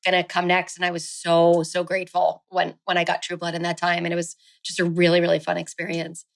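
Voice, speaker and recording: A woman's voice: on the low side, monotone, a little fast, creaky. An actress in her thirties chatting as a guest in an interview, filling her speech with "um" and "like.". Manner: chatty, many fillers like "um" and "like". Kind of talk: casual interview chat.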